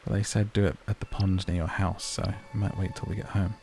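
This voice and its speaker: Gravelly low-voiced man chatting over a game. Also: brisk, faint music behind. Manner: relaxed, chatty, thinking aloud. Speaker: gaming youtuber. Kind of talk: casual gameplay commentary.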